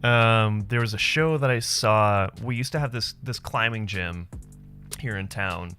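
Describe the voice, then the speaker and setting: A man's voice: on the low side, measured pace, sharp tone, soft background music. A man in his thirties, live streaming, chatting casually with viewers and telling stories loosely, with plenty of swearing and laughter. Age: 30s. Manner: loose, profane storytelling with frequent laughs.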